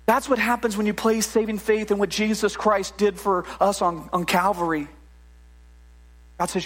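High-voiced, animated male preacher. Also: moderate pace. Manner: animated and conversational, with frequent restarts and "right?" asides. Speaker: pastor. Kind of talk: sermon.

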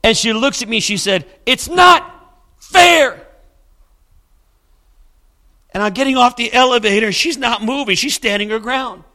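Bright, forceful preacher man. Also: very high-pitched, quick pace. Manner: emphatic, dramatic retelling with repeated refrains. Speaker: pastor. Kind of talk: sermon storytelling.

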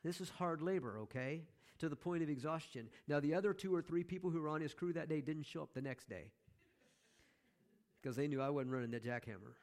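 A man's voice: on the high side, brisk, a little mellow. A man preaching a sermon as pastor, conversational, with joking asides to the congregation.

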